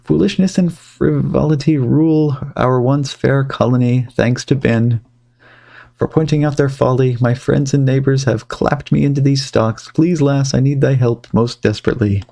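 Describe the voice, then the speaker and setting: A man voicing a pleading old-fashioned colonial gentleman in archaic speech. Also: mid-range voice, steady tone, moderate pace, gravelly, voice pushed up, natural voice. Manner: archaic, beseeching.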